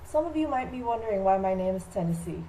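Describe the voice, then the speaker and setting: Casting: teen girl, cheeky and jokey, presenting as a playwright in a school skit, soft, mellow tone. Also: mid-range voice, animated, fast, a little hiss or hum, low-quality recording. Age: teens. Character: playful playwright recounting his life. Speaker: student presenter. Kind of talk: school project skit, playing a famous playwright.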